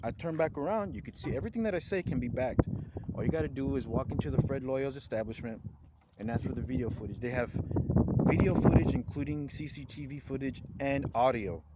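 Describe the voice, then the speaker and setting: An agitated man vents a long complaint straight to camera in a middle-pitched voice. He circles back on the same points, swearing and sounding indignant throughout. Steady background noise and passing vehicle sounds sit under his voice. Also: a little fast. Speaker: vlogger filing a complaint. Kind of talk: angry rambling complaint to camera.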